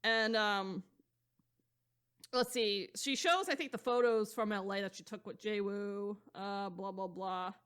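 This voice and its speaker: A woman's voice: mid-range voice, measured pace, a bit bright, clear, resonant tone. A woman co-hosting a podcast, recapping a novel in a loose, rambling way with plenty of fillers and casual swearing. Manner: rambling, loose and profane, heavy on fillers like "blah, blah". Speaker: podcast co-host. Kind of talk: casual chat recapping a book.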